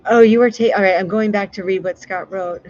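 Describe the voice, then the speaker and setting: A woman's voice: medium pitch, fairly even intonation, brisk, a little mellow, no room sound, muffled recording. A woman hosting a casual live stream, chatting with viewers in a rambling way with lots of fillers and restarts. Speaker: livestream host.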